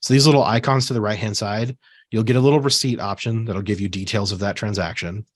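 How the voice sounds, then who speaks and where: A man giving a relaxed screen-share software tutorial, talking casually with fillers and asides while he has the hiccups. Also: on the low side, quick pace, no room sound, clean studio sound. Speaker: software trainer.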